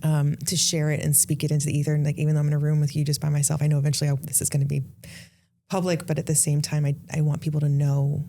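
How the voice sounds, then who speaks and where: A woman in her thirties hosting a podcast, telling an emotional personal story with rushes and halting restarts. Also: deep voice, monotone, mellow. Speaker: podcast host. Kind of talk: casual conversation.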